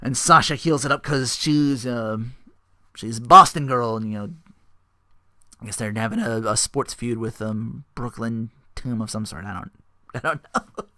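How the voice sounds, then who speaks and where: Man, podcast host, casual wrestling recap, rambling, swears a lot, laughs often, bright tone, dry close home mic. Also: mid-range voice, fairly even intonation, no echo. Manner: rambling and profane, quick to laugh. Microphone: home podcast microphone.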